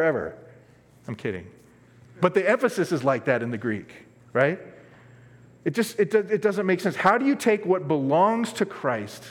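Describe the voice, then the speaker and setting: Earnest male preacher with lively pitch. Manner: earnest, emphatic, swings from loud stress to quiet asides. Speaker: pastor. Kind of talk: sermon. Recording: long reverb of a large hall.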